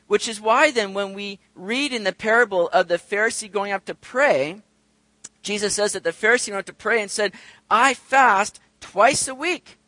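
A man preaching a sermon to his congregation, animated and acting out the voices of the people he describes. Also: sits high, a little fast, dry recording. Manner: animated, acts out quoted voices, addresses congregation directly. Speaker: pastor.

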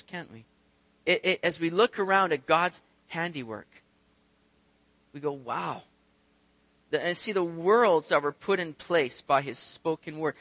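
A man's voice: on the high side, bright, forceful tone, dry recording. A man preaching a conversational sermon, acting out the voices of the people in his stories. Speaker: pastor. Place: church sanctuary.

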